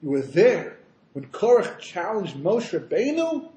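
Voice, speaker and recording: A bold, curious young follower full of wide-eyed questions, as a man puts him on in a story. The voice sits a little high and echoes in a roomy space. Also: big pitch swings, unhurried, mellow, highs cut off. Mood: eager. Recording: roomy echo.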